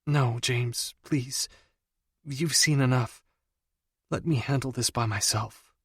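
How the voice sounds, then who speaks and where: A woman's voice: extremely low pitch, slow, husky, no room sound, clean studio sound, heavily acted. A man voicing an upset young woman who speaks in a small, strained voice, in an audiobook. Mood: anxious.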